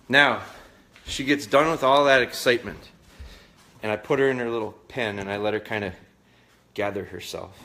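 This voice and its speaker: Pushed and bright, a man's lowish voice keeps fairly even intonation at normal speed, with frequent pauses. He talks to viewers during a live dog training session, sweating and a bit out of breath, in a rambling, folksy, repetitive way.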